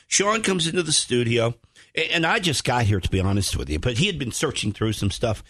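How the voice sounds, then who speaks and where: A man's voice: medium pitch, fairly quick, breathy edge, no room sound. A male morning radio host who chats with his co-hosts and playfully teases them as he reads out a list. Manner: animated, playfully teasing.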